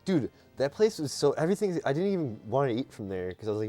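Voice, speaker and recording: A man hosting a live stream, chatting casually and teasing his co-host in an animated, joking way. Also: mid-range voice, quick pace, soft background music.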